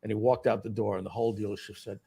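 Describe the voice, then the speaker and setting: A man's voice: fairly low pitch, level tone, racing, creaky, dark tone, breathy edge. A middle-aged man, a company founder, telling a dramatic personal story at a company event and acting out the scenes.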